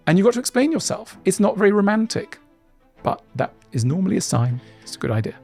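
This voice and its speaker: A middle-aged man answering interview questions in an animated way, acting out little voices as he explains. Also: high-pitched, a little fast, creaky, faint music behind. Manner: animated, acts out voices in quotes. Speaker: guest author.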